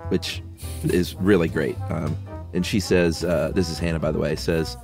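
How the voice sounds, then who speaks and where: Male podcast co-host, very low voice, relaxed and deadpan, reads mail aloud. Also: moderate pace, creaky, faint music behind. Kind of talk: casual conversational podcast.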